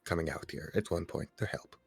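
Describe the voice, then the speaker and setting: A man playing a tabletop game, speaking in character in a calm, measured, formal way. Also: low voice, gravelly, slightly rough, no echo. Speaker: player.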